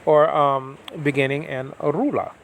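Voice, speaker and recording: A man's voice: mid-range voice, level tone, a little slow, creaky, slight background noise. Man, Bible Greek lesson, informal teaching talk, rambling, many restarts, checks if you follow. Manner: often checks in with listeners.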